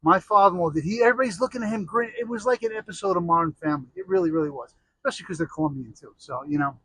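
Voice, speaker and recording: A man's voice: sits high, rapid-fire, fairly bright tone, breathy edge, rough recording. A middle-aged American man telling rambling, jokey stories in a casual monologue, full of restarts and asides. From United States.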